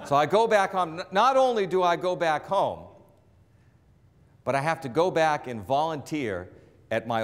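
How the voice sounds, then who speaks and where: A man in his forties from the Boston area, telling a motivational career story on stage and acting out the lines of the people in it. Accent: trained-out Boston accent. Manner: animated, acts out quotes, drops low for asides. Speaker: sportscaster speaker. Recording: long reverb of a large hall.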